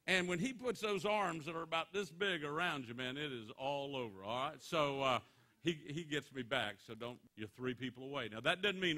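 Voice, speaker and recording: A man giving a motivational speech to students, telling stories in an animated, joking way. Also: on the high side, normal speed. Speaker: motivational speaker.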